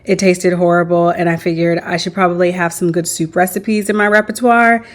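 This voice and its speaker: A woman's voice: on the low side, steady tone, a little fast, low-quality recording. A woman chatting casually as a home cooking vlogger, rambling along with frequent small laughs. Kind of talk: casual voice-over chat. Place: home kitchen. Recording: clear cooking noise behind.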